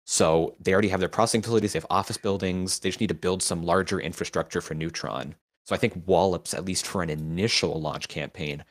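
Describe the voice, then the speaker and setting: A man co-hosting a live show in casual chat, explaining things in a matter-of-fact way. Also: sits low. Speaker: co-host, writer.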